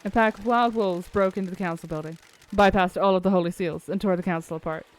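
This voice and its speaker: Brief: woman putting on a squeaky, bouncy trickster demon guy, mock-helpful. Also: very animated, normal speed. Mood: teasing. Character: cheeky male dog demon, sarcastic trickster.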